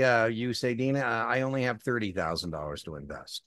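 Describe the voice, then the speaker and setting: A man's voice: medium pitch, moderate pace, few pauses, dry recording, studio quality. A man teaching an exam prep class in a conversational way, telling anecdotes and acting out the dialogue in them. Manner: animated storytelling, acts out dialogue; repeats key points for emphasis.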